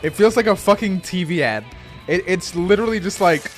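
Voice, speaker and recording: Young male streamer, loose and sweary, slightly high voice, faint game music behind. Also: fairly quick. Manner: casual, swears, laughs, stumbles over words. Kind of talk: live game stream chat.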